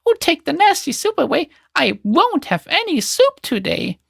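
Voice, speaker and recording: A woman's voice: high-pitched, big pitch swings, normal speed, gravelly, dry recording, clean studio sound, voice pushed up, full character voice. A woman voicing a spoiled little boy who screams that he refuses his soup, in a read-aloud storybook. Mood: whiny. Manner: screaming, whiny.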